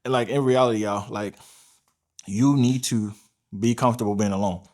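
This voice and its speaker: A man's voice: lowish voice, fairly even intonation, normal speed, a little mellow. A man giving blunt, profane dating advice to the camera, often tagging his points with "all right?" and "right?". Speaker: dating coach.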